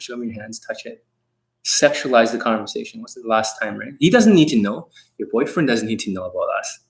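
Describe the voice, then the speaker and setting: A man coaching on a live stream, answering viewer questions in a blunt, profane, brash way. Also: mid-range voice. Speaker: dating coach.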